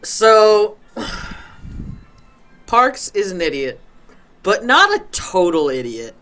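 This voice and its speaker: A man's voice: high-pitched, sing-song, slow, bright, forceful tone. A man playing a tabletop game, casually explaining what his character wants. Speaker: player.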